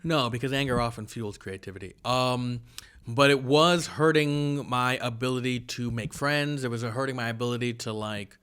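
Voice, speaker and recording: A man's voice: medium pitch, normal speed, fairly bright tone, clean tone. A comedian guest in a casual podcast talk, wryly telling stories and acting out the people he quotes. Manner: wry storytelling, acting out quoted voices.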